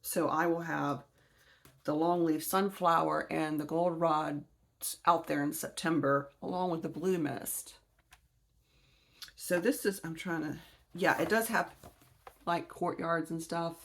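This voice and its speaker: A woman in her forties from Alabama, who hosts a gardening channel, chats casually on video about her books in a Southern US accent. Her low, creaky voice holds a steady tone and unhurried pace with long pauses, and she rambles and corrects herself as she goes.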